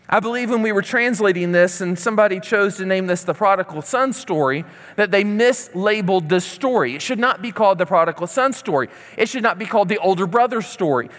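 A man preaching a sermon, reading scripture aloud and then explaining it in a relaxed, conversational way. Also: high-pitched, in a large hall.

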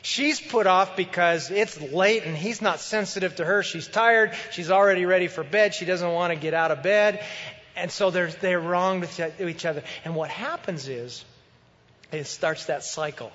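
High-voiced man preaching a sermon. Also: normal speed, in a large hall, lo-fi sound. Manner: conversational, animated preaching with acted quotes. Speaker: pastor.

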